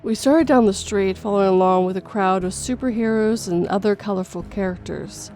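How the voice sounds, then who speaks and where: A woman's voice: medium pitch, brisk, darkish tone. Woman narrating a horror story over music. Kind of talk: scripted first-person horror narration. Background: faint music.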